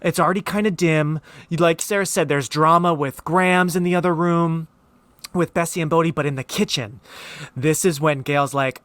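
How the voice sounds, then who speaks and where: A man in his thirties, the host of a podcast, recaps a TV episode with gushing excitement. His voice is bright and fairly high. He acts out the lines he quotes, recorded dry and close. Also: moderate pace, dry recording. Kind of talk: casual chat recapping a TV show.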